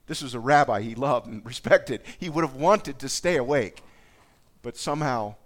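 A man's voice: mid-range voice, normal speed. A man preaching a sermon, reading scripture aloud and reflecting on it in a conversational way. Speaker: pastor.

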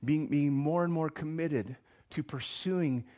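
An earnest man preaching a sermon with a slightly higher voice than most men. He moves between emphatic pushes and soft, hushed stretches, speaking as a pastor to his congregation. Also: measured pace.

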